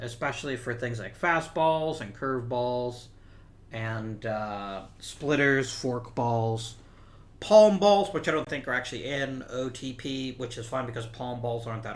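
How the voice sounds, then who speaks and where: Man, gaming video host, casual commentary, explanatory, bright tone. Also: mid-range voice, unhurried, roomy sound. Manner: explanatory, thinks aloud with self-corrections.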